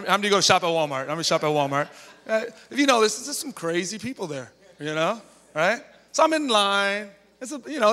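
Tagging his lines with "okay" and "all right," a pastor preaches a chatty storytelling sermon in a church sanctuary. His somewhat high voice is bright and forceful, and the hall echoes with reverb.

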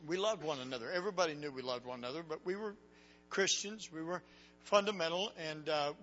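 Dramatic preacher, hushed to shouting. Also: male voice, fairly high pitch, in a large hall. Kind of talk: sermon storytelling. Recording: dull lo-fi recording with faint hum.

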